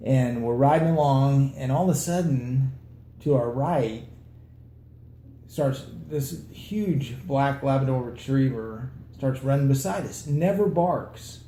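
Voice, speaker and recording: A man's voice: mid-range voice, takes it slowly, dark tone, echoey room, a little hiss or hum. A man casually telling a story about a bike ride with a friend, in an easygoing way. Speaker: riding companion telling a story.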